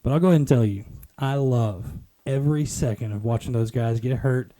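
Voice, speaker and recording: A man's voice: mid-range voice, fairly quick, warm tone. A man hosting a casual podcast, reacting with dry quips and giving blunt opinions. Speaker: podcast host.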